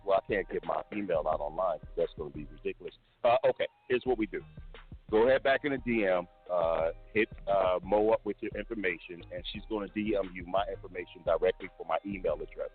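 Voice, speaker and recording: A man's voice: low-pitched, slightly rough. A man co-hosting a talk show in casual chat, blunt and often laughing, asking "you know what I'm saying". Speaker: co-host. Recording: tinny phone-like audio with faint music.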